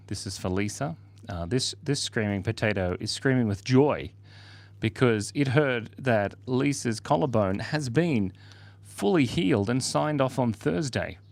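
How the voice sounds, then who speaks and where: A man's voice: mid-range voice, vocal fry, a little mellow. Playful man livestreaming a drawing session. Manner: playful, reads out chat messages, jokes and laughs often. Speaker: livestream host drawing for viewers. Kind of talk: casual livestream chat while drawing.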